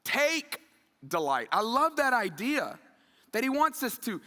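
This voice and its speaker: A middle-aged man preaching a sermon in a church, conversational and animated, acting out quoted asides. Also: very high-pitched, normal speed, in a large hall. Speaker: pastor. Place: church sanctuary.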